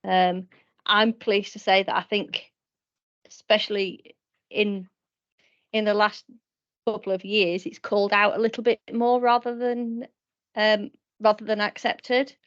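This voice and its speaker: A woman's voice: medium pitch, flat delivery, measured pace, pauses often, fairly bright tone. A woman speaks on a video call, hesitant and full of ums as she builds her point. The sound is dull and lo-fi, like compressed call audio. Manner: hesitant, many ums and restarts. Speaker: panelist. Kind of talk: casual video-call discussion.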